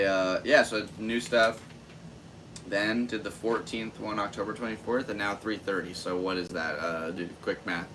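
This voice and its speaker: A man's voice: on the low side, noisy background. A young man and podcast host chatting casually about his stand-up comedy, rambling and full of fillers. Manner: rambling, self-amused, lots of fillers. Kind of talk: casual solo chat.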